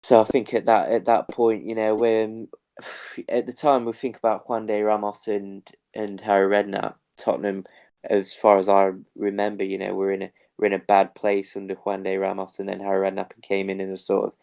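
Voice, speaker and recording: A man's voice: on the low side, completely flat delivery, moderate pace, gravelly, a little mellow. A man co-hosting a casual podcast chat with dry, wry remarks. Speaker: podcast co-host.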